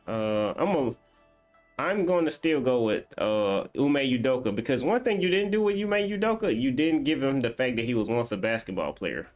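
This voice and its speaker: A man hosts a game live stream, bantering casually with his viewers as he reads their comments aloud. His pitch swings widely as he talks, and faint music plays underneath. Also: big pitch swings, normal speed.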